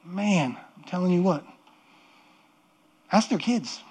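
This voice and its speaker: A man's voice: sits high, expressive, takes it slowly, darkish tone, slightly rough. A middle-aged man preaching a sermon as pastor, earnest and conversational, often repeating and restarting words.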